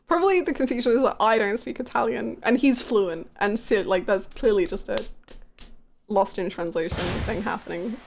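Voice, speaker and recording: A woman's voice: fairly high pitch, normal speed, slight background noise. A woman streaming a video game live, reacting playfully and laughing often as she comments. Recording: clear game music behind voice.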